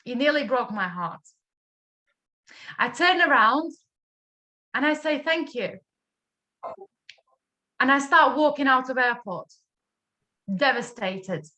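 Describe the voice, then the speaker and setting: A woman's voice: sits high, bright, forceful tone. A woman from Latvia with a Latvian accent, telling a motivational story at a business training and acting out the dialogue with emphatic energy. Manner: drops articles in English.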